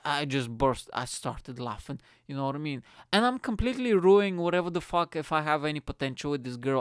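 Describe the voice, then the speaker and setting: A man, a comedian telling a crude, animated story in casual chat, swearing often and laughing as he talks. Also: mid-range voice, clear, resonant tone, no room sound, studio quality. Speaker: comedian host.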